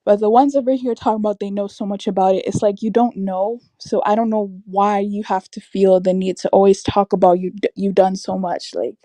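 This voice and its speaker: A woman's voice: medium pitch, steady tone, a little fast, few pauses, mellow, no room sound. A young woman hosting a livestream, ranting in a casual, emphatic, exasperated way with lots of "like" fillers. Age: young adult. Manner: exasperated, emphatic, frequent "like" and laughs. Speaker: livestream host. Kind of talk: casual opinion rant on a stream.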